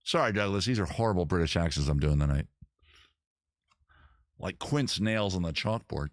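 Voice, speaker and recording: A man's voice: deep voice, animated, moderate pace, no room sound, studio quality. A man hosting a casual music and drinking show, rambling through self-mocking jokes between songs. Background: guitar music.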